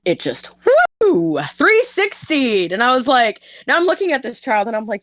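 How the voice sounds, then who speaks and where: A young woman chatting as a podcast guest, telling stories in an animated way, laughing often and swearing freely. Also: a little high, normal speed, dry recording. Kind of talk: casual interview chat.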